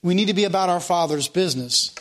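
A man with a high-pitched voice preaches a sermon. He puts questions to his listeners and answers them himself. He also reads scripture aloud. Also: quick pace, a bit bright. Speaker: pastor.

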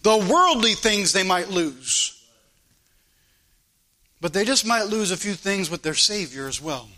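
Fiery, high-voiced preacher. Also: male voice, sing-song, a little slow. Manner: impassioned, swings from loud exhortation to hushed pleading. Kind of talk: fiery sermon.

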